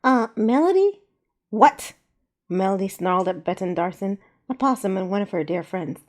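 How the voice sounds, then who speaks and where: A woman narrating a story aloud in a measured, even reading. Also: lowish voice.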